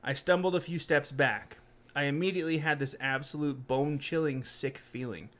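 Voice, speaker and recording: A man's voice: fairly high pitch, fairly even intonation, normal speed, fairly bright tone. A young man co-hosting a podcast, chatting casually and reading scary stories aloud with joking asides. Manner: joking, does silly voices for quoted people. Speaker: podcast co-host.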